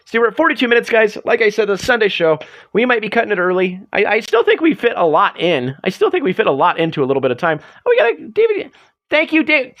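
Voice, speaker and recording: A man's voice: high voice, very animated, fast talker. Rambling, self-mocking male streamer. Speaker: livestream host. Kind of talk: casual livestream chat. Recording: dull lo-fi stream audio.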